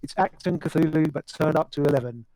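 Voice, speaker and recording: A man's voice: a little high, fairly quick, dark tone, no room sound. A man hosting as game master, introducing the players and the game in a jovial, theatrical way. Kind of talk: hosting and narrating a tabletop game.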